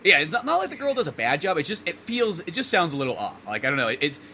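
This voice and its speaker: Fast-talking man co-hosting a podcast. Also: fairly high pitch, big pitch swings, pushed and bright, a little hiss or hum. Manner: fast, rambling, trails off and restarts often. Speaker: podcast co-host. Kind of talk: casual movie review chat.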